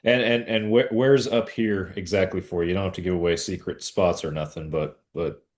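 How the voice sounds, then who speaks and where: A man hosting a podcast, asking questions in a casual, halting way with many restarts. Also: low-pitched, fairly even intonation. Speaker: podcast host. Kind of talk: casual interview.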